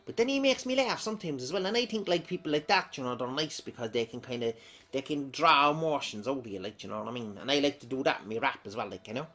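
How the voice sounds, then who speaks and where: A man's voice: mid-range voice, animated, fast talker, pushed and bright. An Irish man reading out viewer comments in a chatty, rambling way, often breaking into laughter. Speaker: comedic vlogger.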